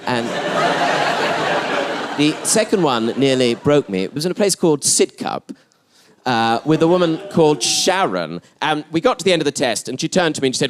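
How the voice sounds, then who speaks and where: A man's voice: on the high side, very animated, normal speed. A man doing stand-up storytelling, camp and arch with spiteful asides. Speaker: stand-up comedian. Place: comedy venue stage. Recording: noisy live club recording.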